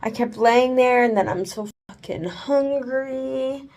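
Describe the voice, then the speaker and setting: A tired woman vlogs casually late at night at home after oral surgery, moving from her bed to the bathroom, rambling with many fillers and swearing freely. Her high-pitched voice is slow and a little mellow, with a slight hiss or hum in the recording.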